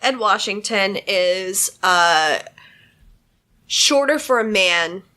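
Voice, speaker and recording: Female podcast co-host, crisp bright tone, blunt and profane sarcasm. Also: mid-range voice, lively intonation, takes it slowly. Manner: blunt, sarcastic, swears freely. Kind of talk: casual podcast chat.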